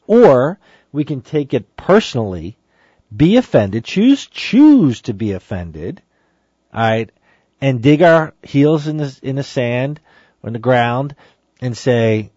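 A man delivers a spoken Catholic teaching with emphatic, exhorting conviction, his pitch swinging widely as he presses each point. He reads quoted passages aloud in the same voice. The recording is dry and slightly dull, like a lo-fi home setup. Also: big pitch swings, slow pace, warm tone, dry recording. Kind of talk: spoken teaching on a saint's sermon.

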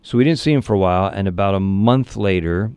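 A man, a priest, speaking in an interview and telling a story earnestly, with frequent restarts and lively animation. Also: sits low, quick pace, smooth, dry recording.

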